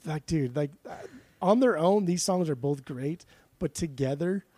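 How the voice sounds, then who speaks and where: Socal guy on a podcast, swears a lot, trips over his words, kinda high mellow voice. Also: measured pace, dry recording. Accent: Southern Californian. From Southern California. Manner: swears freely, frequent restarts and laughs. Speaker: podcast co-host. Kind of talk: casual chat.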